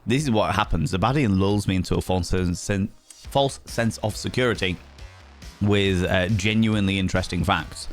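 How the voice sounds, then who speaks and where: Yorkshire male streamer, low register, cheeky banter with chat, soft music bed. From England. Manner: playful, teasing, greets viewers as cheeky devils. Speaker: livestream host. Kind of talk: casual chat reading viewer messages.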